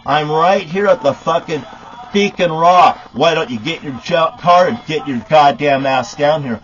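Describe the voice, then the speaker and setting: A man's voice: a little high, a little slow, faint music behind. Profane ranting man, muffled recording. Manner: profane, accusatory, shouting at times. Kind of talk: angry rant to camera. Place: outdoors at a rock landmark.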